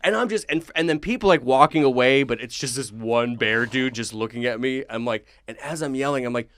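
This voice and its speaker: A young man, a comedian guest on a podcast, telling a story in a lively way, laughing often and acting out his own shouting. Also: mid-range voice, brisk, smooth, dry recording. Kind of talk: casual storytelling.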